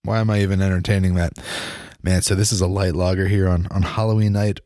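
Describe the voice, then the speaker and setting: A man talks through a casual solo podcast in a fairly low voice. He rambles and restarts his sentences often. The sound is close and dry, with no room echo. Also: level tone, quick pace, mellow. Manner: rambling, many restarts and fillers. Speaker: podcast host. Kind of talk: casual solo podcast about football and beer.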